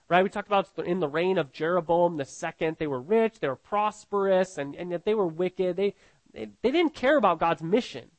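A man's voice: sits high, no echo. A man preaching an expository sermon, emphatic, often repeating phrases and checking in with "right?".

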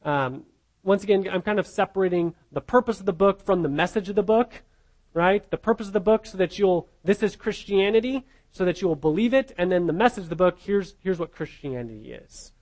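Man, high-pitched voice, pastor teaching scripture, chatty, repeats himself, asks the room questions. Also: brisk, darkish tone. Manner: conversational, repeats words, asks the group questions. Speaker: pastor teaching a Bible class. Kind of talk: informal sermon teaching.

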